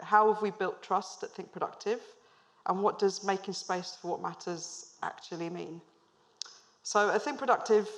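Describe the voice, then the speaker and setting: On stage before a live audience, a managing director in her thirties tells stories in a business talk, quizzing the crowd with gentle humor. Her voice sits in the middle range.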